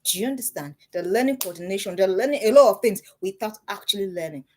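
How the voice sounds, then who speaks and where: A middle-aged woman giving parenting advice to parents, animated and repeating herself for emphasis. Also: mid-range voice, fast, a little hiss or hum. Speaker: parenting speaker.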